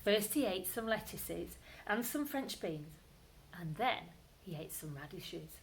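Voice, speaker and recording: Expressive woman reading a bedtime story. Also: fairly low pitch, takes it slowly, slight background noise, poor audio. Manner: expressive, with whispered asides. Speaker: primary school teacher.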